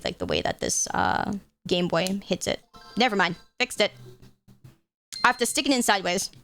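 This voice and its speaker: A young woman streamer chatting casually while playing games, swearing freely and getting excitable. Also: mid-range voice. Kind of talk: casual live-stream chat.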